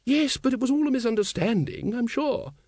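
A man voicing a hearty, well-meaning aristocratic woman who breeds dragons, in a brisk and breezy way. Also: very high voice, animated, darkish tone, no room sound, clean studio sound, voice pushed up. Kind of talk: audiobook character voice.

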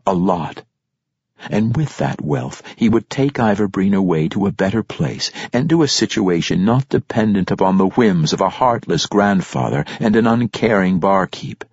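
A man narrating a fantasy audiobook in a measured, expressive storytelling manner. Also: deep voice, gravelly, breathy edge, no echo. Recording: dull lo-fi dry recording.

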